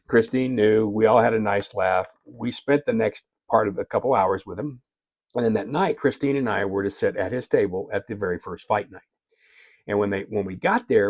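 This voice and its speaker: An older man and longtime sports broadcaster spins a casual yarn in a folksy, self-deprecating manner. His voice sits fairly low, and the sound is dry and close. He tells the story from a room lined with sports memorabilia. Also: vocal fry, breathy edge, dry recording. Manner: folksy, self-deprecating anecdotes with frequent restarts. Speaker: veteran sports radio broadcaster.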